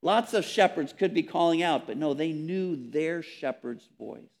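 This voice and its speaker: Earnest male preacher, slightly high voice. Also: animated, a little slow, creaky. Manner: earnest, emphatic, with repeated words and soft drops on key phrases. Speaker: pastor. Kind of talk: sermon.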